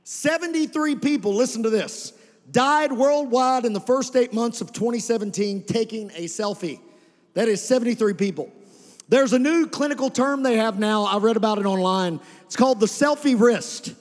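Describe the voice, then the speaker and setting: A male pastor in a church sanctuary delivers a sermon in a loose, conversational way, now and then calling on the congregation to respond. His voice sits very high for a man. The sound carries a long reverb from the hall. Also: normal speed. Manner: conversational preaching with calls to the congregation.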